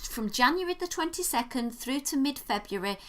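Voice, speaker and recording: Bright-voiced British woman, playful. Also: high voice, animated, fairly quick. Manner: playful, emphatic explainer. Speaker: podcast co-host. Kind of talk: casual chat.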